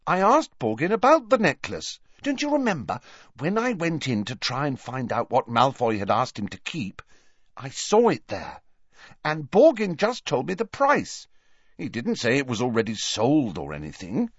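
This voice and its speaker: A man's voice: medium pitch, sing-song, fairly quick, few pauses, husky, no echo, pitched above the performer's own voice. A man voicing an earnest, clever teenage girl in a storybook reading, insistent and pressing on, on a dull, dry recording.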